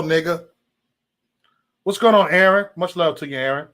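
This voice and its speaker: This man's fairly high, slightly bright voice moves at normal speed as he hosts a livestream. He rants heatedly at his chat in a casual way, with plenty of swearing and repetition.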